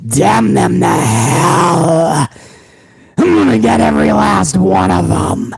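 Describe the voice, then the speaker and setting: Man putting on a tyrannical old boss, barks insults and threats, gravelly shout. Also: sits high, very animated, takes it slowly, dry recording, heavily acted. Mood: vengeful raging. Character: ranting older male company boss, tyrannical.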